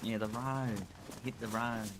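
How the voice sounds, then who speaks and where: A man's voice: medium pitch, steady tone, a little slow, noisy background. A man bantering crudely while role-playing in a game, joking and egging the others on. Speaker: roleplay player. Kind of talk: casual in-game roleplay banter.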